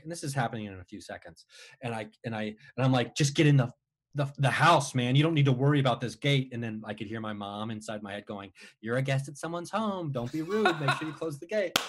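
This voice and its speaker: Man, casual storyteller, rambling, restarts, animated, mid pitch. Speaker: guest storyteller.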